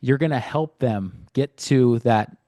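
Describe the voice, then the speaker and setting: A man's voice: mid-range voice, a little slow, mellow, no room sound. A man hosting a casual interview, affirming and encouraging his guest. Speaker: podcast host.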